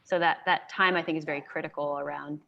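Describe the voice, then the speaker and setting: A woman in her thirties with a notably low-pitched voice speaks as a guest in a casual Q&A over a video call. She is conversational and upbeat, with frequent "like" fillers. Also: steady tone, fast talker, gravelly, pushed and bright, muffled recording. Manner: conversational and enthusiastic, sprinkles in "like".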